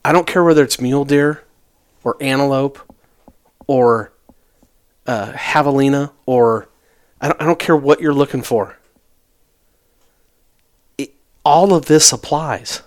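A man with a mid-range voice talks hunting gear in relaxed casual chat. He often restarts his sentences with a stammer. He stays easygoing and agreeable throughout. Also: medium pitch, unhurried, pauses often. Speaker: hunting podcast co-host.

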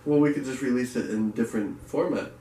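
A man trades loose jokes in casual podcast chat, with easy swearing. His voice sits at an ordinary pitch. He sounds set back from the mic, and the room around him is roomy and echoing. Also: fast talker, warm tone, distant mic, a little hiss or hum. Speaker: podcast co-host.

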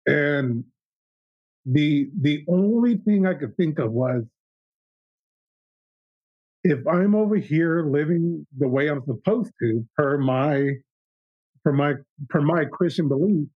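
A man's voice: a little high, dry recording, dull audio. A young man talking through a personal story in a casual conversation, reflective, with restarts and retold dialogue.

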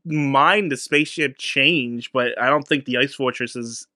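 A man's voice: mid-range voice, unhurried, bright, forceful tone, no room sound, studio quality. A man co-hosting a casual movie review podcast, talking defensively with lots of restarts and hedges. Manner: defensive, hedging, many restarts. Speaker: podcast co-host.

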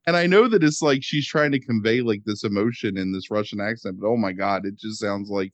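Podcast guy, sarcastic, animated, dry close sound. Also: fairly low pitch, brisk, few pauses, dry recording, highs cut off. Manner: animated, sarcastic, mocking accents. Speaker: podcast co-host. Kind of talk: casual podcast chat.

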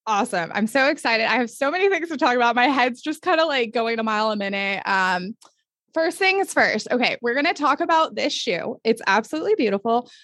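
A woman hosting a podcast interview, gushing and enthusiastic, talking in quick bursts with frequent laughs. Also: a little high, animated, fairly bright tone, dry recording, studio quality. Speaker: podcast host. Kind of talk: upbeat casual interview.

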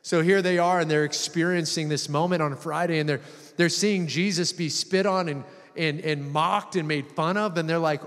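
The recording has long hall reverb as a man with a slightly bright, higher-leaning voice delivers a sermon at a moderate pace. He reads from scripture and retells it dramatically, acting out the quoted voices with mounting intensity.

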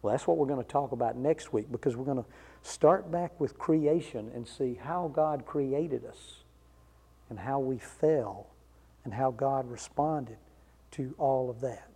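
A man's voice: mid-range voice, measured pace, dark tone, breathy edge. A man preaching a sermon, explaining a passage with rhetorical questions and casual asides. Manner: conversational asides. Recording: long reverb of a large hall.

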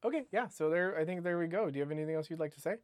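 A man's voice: on the high side, rapid-fire, a little mellow, no room sound. A man co-hosting a podcast in casual chat, rambling and joking, laughing often. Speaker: podcast co-host.

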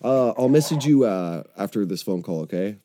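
A man hosting a podcast in casual chat, excitable and swearing often as he tells stories. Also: fairly low pitch, moderate pace, a little hiss or hum. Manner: profane, excitable, animated storyteller. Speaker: podcast host.

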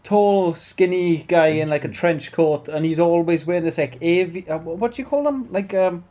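Animated chatty man. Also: a little high, normal speed. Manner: animated, swearing, trailing restarts. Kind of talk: casual chat.

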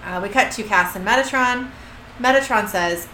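Bright-voiced woman recapping with fillers. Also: mid-range voice, moderate pace. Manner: reads a recap script with fillers and asides. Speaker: podcast co-host recapping episodes. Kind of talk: casual recap chat. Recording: echoey room with faint hiss.

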